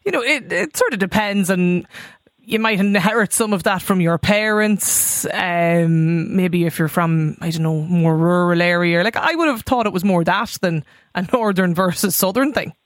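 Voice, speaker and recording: A woman's voice: lowish voice, moderate pace, dry recording, studio quality. A woman with a Donegal Irish accent hosting a radio phone-in, talking conversationally and reading out listener messages. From Donegal, Ireland. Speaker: radio talk show host.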